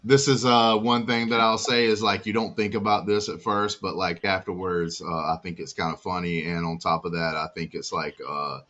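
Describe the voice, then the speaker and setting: Low-voiced rambling man, dull audio. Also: steady tone, moderate pace, hardly any pauses, bright, forceful tone. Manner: rambling, many "uh" fillers. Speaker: guest, newlywed groom. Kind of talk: casual chat.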